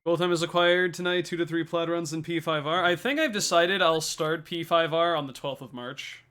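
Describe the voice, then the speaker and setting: A man's voice: a little high, moderate pace, fairly bright tone, smooth. A young man streaming a speedrun, chatting casually as he thanks viewers and explains his game tactics. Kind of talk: casual livestream chat while speedrunning.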